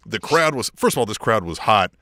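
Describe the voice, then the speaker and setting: A man's voice: fairly low pitch, sing-song, fairly quick, pushed and bright, dry recording, studio quality. A man co-hosting a wrestling podcast, chatting casually, swearing freely, laughing often and acting out voices of the people he talks about. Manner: profane, laughing, acts out quoted voices. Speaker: podcast co-host.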